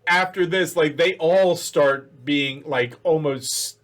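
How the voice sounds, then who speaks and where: A man's voice: on the high side, slow pace, fairly bright tone, a little hiss or hum. A man narrating a tabletop game as game master, loose and rambling with lots of fillers.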